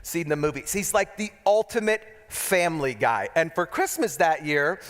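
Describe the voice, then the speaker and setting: A pastor delivers a sermon in a loose, joking storyteller's manner, throwing in asides to the congregation. His voice sits fairly high for a man. The sound carries the long echo of a church hall. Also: lively intonation, moderate pace, a bit bright. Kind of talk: humorous sermon.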